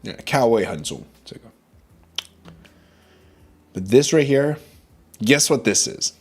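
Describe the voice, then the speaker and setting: A man's voice: mid-range voice, animated, slow pace, breathy edge. A man streaming as a vtuber, chatting casually about food and reading chat, switching between English and Mandarin.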